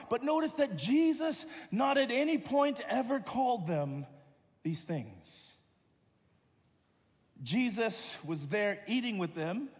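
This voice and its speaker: A man preaching a sermon in a church, with dynamic delivery that swings from loud emphasis to hushed, low passages. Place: church sanctuary. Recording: long hall reverb.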